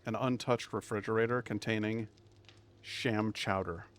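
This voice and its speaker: A man's voice: fairly low pitch, steady tone, measured pace, a little hiss or hum. A man casually commentating his own survival game stream, wry and chatty, talking to himself as he plays.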